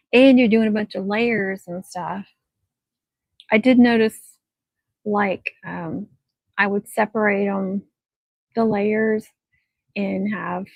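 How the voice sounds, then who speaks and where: A woman's voice: medium pitch, creaky, dry recording, rough recording. A woman hosting a casual craft livestream, rambling chattily and breaking off to talk to her dog.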